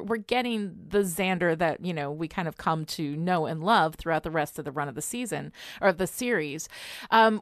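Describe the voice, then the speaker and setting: A woman's voice: mid-range voice, no room sound, studio quality. A woman co-hosting a podcast, talking in a gushing, emphatic way with lots of changes in pace. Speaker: podcast co-host. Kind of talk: casual chat.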